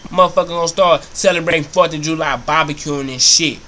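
Loud profane young man ranting. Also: fairly high pitch, quick pace, a little hiss or hum. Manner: animated, repetitive, heavy profanity. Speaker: comedy vlogger. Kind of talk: profane comic storytelling rant.

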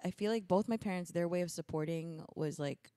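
Animated young woman on a dry mic. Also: fairly low pitch, brisk, dry recording. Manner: animated, mimics her parents in voices. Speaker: guest musician. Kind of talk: casual interview chat.

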